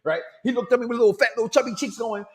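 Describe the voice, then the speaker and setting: A middle-aged man hosting a casual talk show, loud and animated, reading out listener comments and laughing often. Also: extremely high pitch, racing. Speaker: podcast host.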